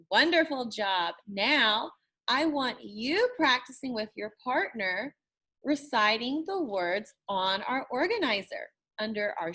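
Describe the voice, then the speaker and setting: A woman's voice: fairly high pitch, sharp tone. A woman teacher giving a recorded lesson, encouraging, who repeats words and stretches sounds to model them. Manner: slow, encouraging, drawn-out praise.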